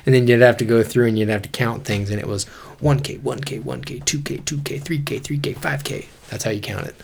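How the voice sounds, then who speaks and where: A man's voice: medium pitch, steady tone, fairly quick, gravelly, darkish tone, breathy edge. A man in his forties, co-hosting a podcast in casual chat, telling stories in a laid-back way and calling his friends dude and bro. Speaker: podcast co-host.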